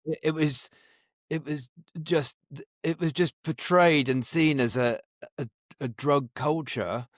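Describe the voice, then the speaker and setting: A middle-aged man talks through his memories as an interview guest, often restarting his phrases. His voice sits a little high for a man. The sound is dry and close, with no room echo. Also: takes it slowly. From England. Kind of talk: casual interview storytelling.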